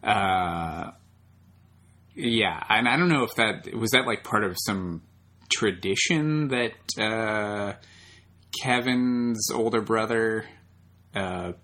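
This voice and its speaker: A man's voice: on the low side, lively intonation, slow pace, pushed and bright. A man co-hosting a podcast, recapping a movie plot in casual chat, often restarting his sentences and agreeing along. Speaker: podcast co-host.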